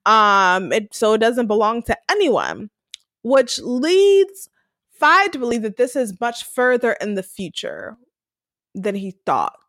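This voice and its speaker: Woman co-host, lively and expressive recap storyteller, swooping melody. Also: fairly high pitch, slow pace, dry recording. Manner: animated storytelling, acting out character lines. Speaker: podcast co-host. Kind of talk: casual TV recap chat.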